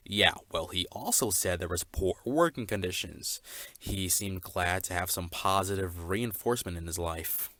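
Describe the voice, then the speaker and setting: A man's voice: deep voice, normal speed, bright, forceful tone, dry recording. A young man voicing a smug, rambling male anime reviewer who stumbles over his words, in a comedy skit.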